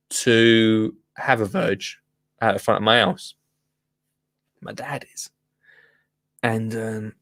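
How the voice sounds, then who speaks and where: Recorded dry with studio quality, this medium-pitched man hosts a gardening podcast from a radio studio. He chats casually through the news, wandering off into rambling asides.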